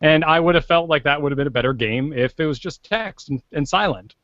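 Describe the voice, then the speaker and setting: A man's voice: on the high side, brisk, fairly bright tone, no room sound, highs cut off. A man, a guest voice actor, giving thoughtful opinions in a casual podcast chat.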